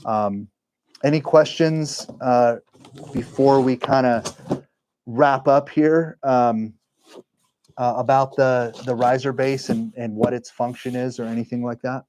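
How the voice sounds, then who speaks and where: Man, livestream host, warm mellow tone, rambling and chatty. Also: medium pitch, steady tone, unhurried. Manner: rambling, self-correcting, chatty. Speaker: livestream host and engraving business owner. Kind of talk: casual live-stream chat.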